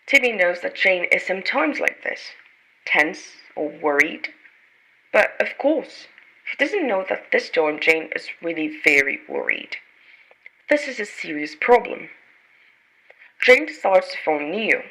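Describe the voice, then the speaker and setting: A woman reading a storybook aloud as an audiobook narrator, with a non-native English accent, in slow, careful narration. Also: fairly low pitch, big pitch swings, bright, forceful tone, low-quality recording. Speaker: audiobook reader.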